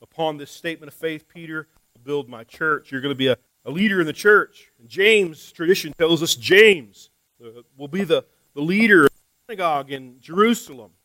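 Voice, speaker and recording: A male pastor delivers a sermon in a fairly high voice, talking to his listeners as if in conversation. He asks rhetorical questions and repeats words as he restarts. His level moves from quiet asides to loud, pressing emphasis, and the sound is dry and close. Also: animated, moderate pace, no room sound, low-quality recording. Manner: swings between soft asides and loud emphasis.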